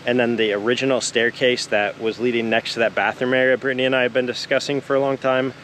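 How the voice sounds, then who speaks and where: A man's voice: mid-range voice, flat delivery, fast talker, background noise. Man explaining a renovation plan. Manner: matter-of-fact, explains the building work. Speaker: vlog host. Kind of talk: casual vlog narration.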